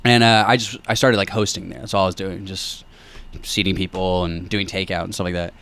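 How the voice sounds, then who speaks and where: A young comedian on a podcast speaks in a fairly low voice. He tells a long story in a loose, chatty way. He acts out the other people's lines with loud, animated energy. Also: fairly quick, clean tone. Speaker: comedian guest. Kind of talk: casual podcast chat, storytelling.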